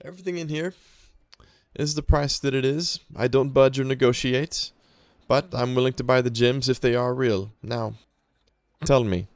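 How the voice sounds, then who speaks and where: A man's voice: medium pitch, steady tone, moderate pace, dry recording, voice pushed up, close to an everyday voice. Brusque shopkeeper lady, won't budge on price; male player doing her. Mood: firm. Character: blunt female shopkeeper who won't haggle.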